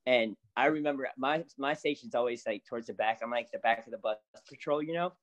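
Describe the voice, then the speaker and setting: A man, a salon stylist, telling a story as a guest in casual chat, animated and laughing often. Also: mid-range voice, a little fast.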